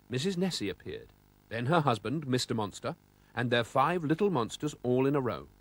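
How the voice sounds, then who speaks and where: A man narrating a children's storybook in an expressive, animated way. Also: mid-range voice, breathy edge.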